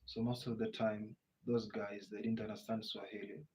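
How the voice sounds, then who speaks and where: This Kenyan man speaks Kenyan-accented English in a fairly low, level, slightly mellow voice at a moderate pace. He hosts a relaxed live Q&A, reading viewer comments aloud and answering them conversationally. The audio is muffled and lo-fi, with faint background noise.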